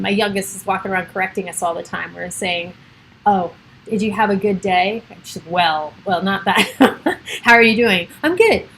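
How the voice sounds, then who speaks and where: A woman's voice: medium pitch, fairly bright tone, slight background noise. A middle-aged woman chatting on a casual home livestream, giggly and wandering off topic. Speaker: realtor livestreaming to followers. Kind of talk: rambling casual livestream chat.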